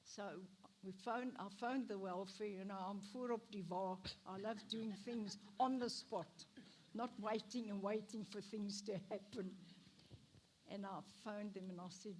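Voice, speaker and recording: A woman's voice: medium pitch, steady tone, a little slow, darkish tone, slight background noise. Older woman telling her story. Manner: emotional, acts out quoted speech with laughs. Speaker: interviewee sharing her life story. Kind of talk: personal testimony on a church stage. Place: church stage.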